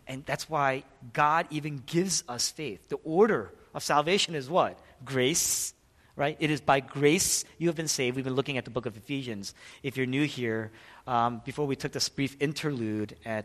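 A male pastor preaching a sermon, emphatic, asking questions and answering them, and swinging from loud passages to hushed ones. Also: mid-range voice. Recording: long reverb of a large hall.

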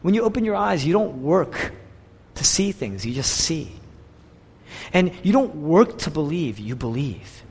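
A man preaching a sermon in a church hall, swinging between loud, high emphasis and low, hushed moments. His slightly high voice carries a long reverb from the large room around him. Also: big pitch swings, unhurried, breathy edge. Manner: dynamic preaching, rising and falling in pitch and loudness. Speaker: pastor.

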